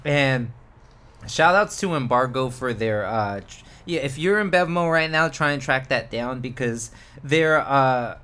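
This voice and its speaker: Colorado guy chatting on a podcast, laid back, says his words out careful, middle pitch. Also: measured pace. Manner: relaxed, enunciates carefully. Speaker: podcast co-host. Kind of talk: casual chat.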